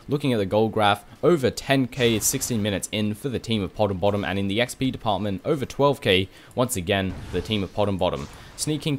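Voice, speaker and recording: A man giving rapid play-by-play commentary on a video game match, getting louder and higher in the big fights. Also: a little hiss or hum. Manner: rapid, excitable, rises sharply in big fights. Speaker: esports commentator.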